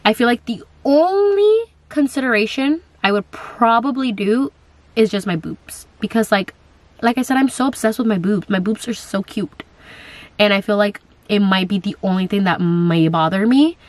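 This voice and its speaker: A young woman answers her viewers' questions in casual chat. She is chatty and loose, full of fillers and little quoted asides. Her pitch sits at a middling height, and the recording is dry and close, with no room sound. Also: animated, normal speed, a little mellow, no room sound.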